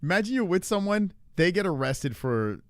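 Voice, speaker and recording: A man hosting a casual livestream, telling stories in an animated, profane way. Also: sits high, moderate pace, dry recording, studio quality. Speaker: host.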